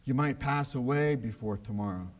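A male pastor preaching a sermon, emphatic and repetitive, often dropping to a low, quiet voice for asides. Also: moderate pace, a little hiss or hum. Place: church broadcast on radio and online.

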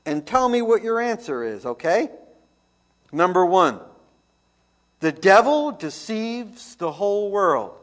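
A man preaching a radio sermon as host, emphatic and swinging between loud declarations and hushed asides. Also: sits high, very animated, slow pace, pauses often.

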